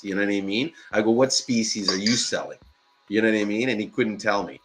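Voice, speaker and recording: A man in casual live-stream chat, telling a story in an animated, profane way and laughing often. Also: on the low side, brisk, noisy background.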